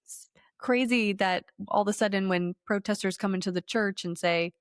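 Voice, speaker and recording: A woman with a mid-range voice co-hosting a podcast in casual chat. She is animated, laughs often and acts out other people's words. The sound is dry and close. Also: mid-range voice, moderate pace, no room sound. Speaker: podcast co-host.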